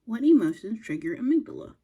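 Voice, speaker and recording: A woman hosting a reaction video, chatting to herself and reading text aloud slowly. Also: a little high, very animated, warm tone, husky, highs cut off. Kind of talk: casual reaction commentary.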